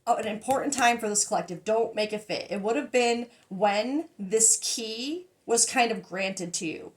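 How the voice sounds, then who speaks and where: High-voiced, excitable tarot reader woman. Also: normal speed. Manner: excitable and emotional, laughing, trailing off into fragments. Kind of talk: casual tarot reading to camera.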